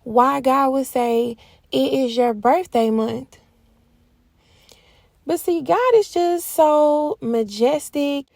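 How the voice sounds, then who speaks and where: A young woman telling a casual spoken testimony in an animated way, laughing often. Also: high voice, slow pace, creaky, pauses often, dry recording. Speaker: Christian vlogger sharing a testimony.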